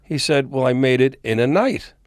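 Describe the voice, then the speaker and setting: In a recording studio, a music industry veteran appears as a podcast guest, animatedly telling stories and acting out what the people in them said. His medium-pitched voice moves at a moderate pace, with clean studio sound and no room sound.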